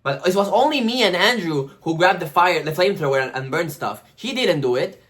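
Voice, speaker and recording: A man's voice: sits high, lively intonation, a little fast, fairly bright tone, pitched above the performer's own voice. A man voicing a nervous eleven-year-old schoolboy who stumbles and rambles as he tells the truth. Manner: hesitant, rambling, stumbling over words.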